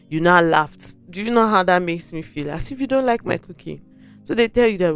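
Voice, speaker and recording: A Nigerian woman hosting a podcast, giving relationship advice in an animated way and acting out sample conversations. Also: fairly low pitch, brisk, clear, resonant tone, soft background music. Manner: animated, acts out sample dialogue, mixes in pidgin. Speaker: podcast host.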